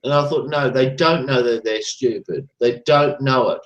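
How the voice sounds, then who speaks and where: A man with a mid-range voice hosts a live chat stream, ranting at normal speed in a rambling, profane, repetitive manner. The audio sounds dull and carries a roomy echo.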